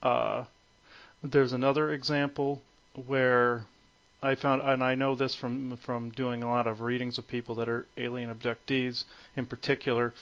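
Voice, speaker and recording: A man's voice: mid-range voice, little pitch movement, moderate pace, a bit bright. Hesitant man on muffled phone audio. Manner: hesitant, many fillers and restarts. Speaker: guest. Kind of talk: conference call interview.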